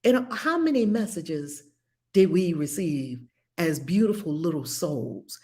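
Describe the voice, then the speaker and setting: A woman's voice: on the low side, big pitch swings, takes it slowly, warm tone. A woman hosting a livestream spiritual study group, talking earnestly and reading viewer comments aloud. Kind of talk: livestream discussion.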